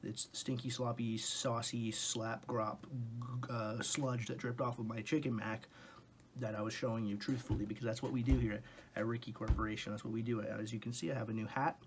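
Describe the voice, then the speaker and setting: A man's voice: medium pitch, flat delivery, fairly quick, a little hiss or hum. Rambling young man in a dim room. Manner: rambling, tangent-prone, swearing rants. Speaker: food reviewer. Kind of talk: rambling comedic food review monologue.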